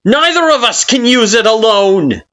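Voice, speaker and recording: A man voicing a furious, vengeful child spirit who shouts with scathing scorn. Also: very high voice, big pitch swings, moderate pace, pitched above the performer's own voice, exaggerated voice. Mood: raging.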